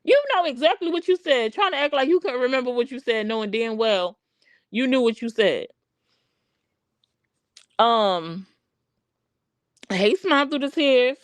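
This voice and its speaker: A female livestream host delivers casual drama commentary, calling someone out with blunt animation and repeating herself. Her pitch is fairly high and her pace measured, with long pauses. The streaming microphone gives a clean tone with no echo.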